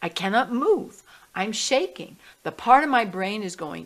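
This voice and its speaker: Animated woman telling a personal story. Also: mid-range voice, unhurried. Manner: animated storyteller, acting out her inner voices. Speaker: guest, healing music artist. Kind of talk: storytelling in a podcast interview.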